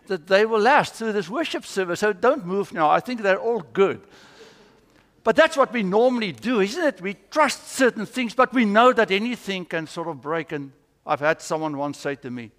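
Long church reverb fills the sanctuary as a man with a high-pitched, slightly bright voice preaches. This pastor is earnest, weaving stories into his teaching.

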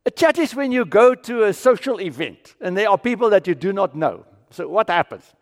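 A man from South Africa preaching a sermon as pastor, swinging from full voice down to hushed, almost whispered lines. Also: high-pitched, expressive, moderate pace. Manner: dramatic swings from loud to near-whisper. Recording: long hall reverb.

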